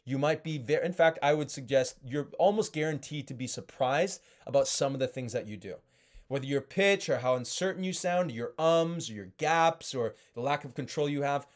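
Emphatic male sales coach. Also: mid-range voice. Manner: emphatic coaching, checks in with "okay?" and "right?". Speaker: sales trainer. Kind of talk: sales training talk.

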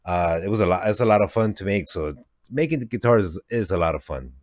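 Male reaction host, native Spanish speaker, lowish pitch, dry close mic, eager and repetitive. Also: brisk, no room sound. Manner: excitable, repeats himself, laughs often. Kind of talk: casual reaction commentary.

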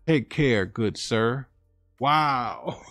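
A man's voice: medium pitch, very slow, fairly bright tone, no echo. A man who hosts a story channel, reading a listener's story aloud and then commenting on it in a casual, emphatic way. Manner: casual, emphatic, reacts with disbelief. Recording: dry close mic with faint background music.

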